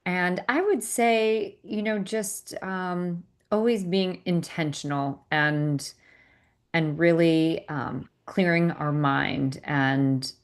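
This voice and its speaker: A woman guest in an interview, answering warmly but hesitantly with many fillers. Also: on the low side, slow. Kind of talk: casual interview chat.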